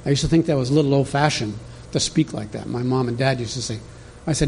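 Male pastor, mid-pitched and warm, easygoing conversational sermon delivery. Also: quick pace, vocal fry, a little hiss or hum. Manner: conversational, teaching from an outline, talks directly to the congregation.

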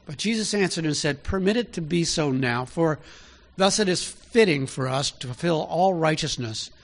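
A man's voice: a little high, lively intonation, moderate pace. A man preaching a sermon in an easy, conversational way, often asking his listeners direct questions.

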